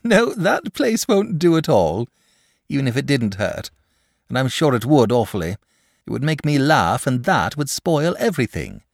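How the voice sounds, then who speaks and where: A man's voice: medium pitch, big pitch swings, moderate pace, creaky, no echo, studio quality, pitched above the performer's own voice. A man voicing a timid, genteel male dragon who talks nervously and gets easily flustered, in a storybook reading. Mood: anxious, testy.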